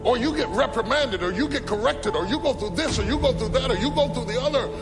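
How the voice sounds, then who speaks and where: A man giving a personal motivational talk in a dramatic voice that swings between quiet and loud. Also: very high voice, lively intonation, fast talker. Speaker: motivational speaker. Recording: music underneath.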